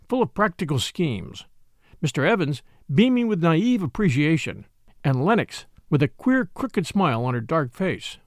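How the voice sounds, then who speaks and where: A man narrating a mystery novel as a reader and host, with expressive storytelling. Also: a little high, dry recording, clean studio sound. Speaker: audiobook narrator. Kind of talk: scripted narration.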